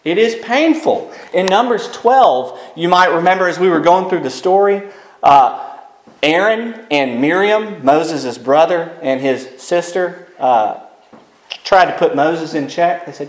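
A man's voice: fairly high pitch, animated, unhurried. A man preaching a sermon, reading scripture aloud with emphatic rises and falls. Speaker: pastor. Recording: echoey room.

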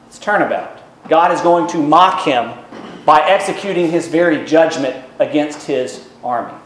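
A male preacher with a fairly high voice, taking his listeners through scripture in an easy, conversational way. He asks rhetorical questions as he goes. The sound carries a roomy echo. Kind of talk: expository sermon.

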